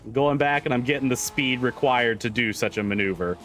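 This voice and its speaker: A man's voice: mid-range voice, a little fast, fairly bright tone, faint music behind. A man streaming a driving game live, chatting casually, swearing and repeating himself as he gets frustrated.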